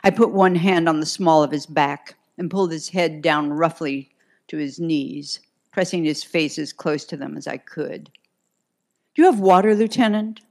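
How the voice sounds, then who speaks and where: A woman with a low voice narrates a first-person crime story. Her reading is crisp and dry, with a sardonic edge in the dialogue. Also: fairly even intonation, normal speed. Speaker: audiobook narrator.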